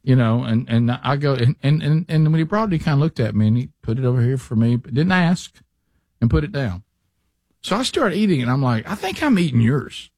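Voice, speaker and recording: A man's voice: mid-range voice, lively intonation, brisk, a little mellow, no room sound. Chatty man hosting radio. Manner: chatty storyteller, frequent restarts and fillers. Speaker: radio show host. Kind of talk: casual talk radio chat and live ad read.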